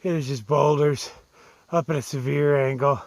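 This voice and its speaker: A man's voice: a little high, fairly even intonation, normal speed, creaky, darkish tone, no echo. A man vlogging on a wooded mountain trail, telling stories in a blunt, profane, self-mocking way, a little out of breath from the climb. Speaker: solo thru-hiker vlogger. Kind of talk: casual vlog talk to camera.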